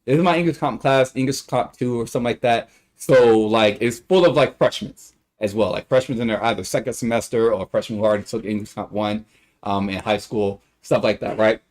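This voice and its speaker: A man's voice: on the low side, brisk, a little mellow. A young man telling a rambling, profane story on a casual livestream, often exasperated.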